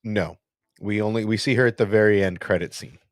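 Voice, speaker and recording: A man with a fairly low voice co-hosts a casual fan chat, rambling and correcting himself as he goes. His voice sounds dry and close, with no room around it. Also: fairly even intonation, brisk, dry recording. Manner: rambling, self-correcting, playful. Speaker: podcast co-host.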